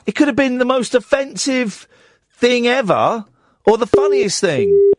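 A man chats on late-night radio in a rambling, excitable way. His pitch swings widely as he talks. The studio sound is dry and close. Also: unhurried, no echo. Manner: rambling, excitable, self-mocking. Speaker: radio presenter. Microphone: studio microphone.

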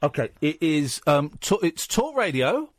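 English guy on late night radio, husky, bouncy up and down voice, dry studio sound. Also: big pitch swings, a little slow, no echo. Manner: joking, bantering, drops to a low mutter at times. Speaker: radio phone-in host. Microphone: studio microphone.

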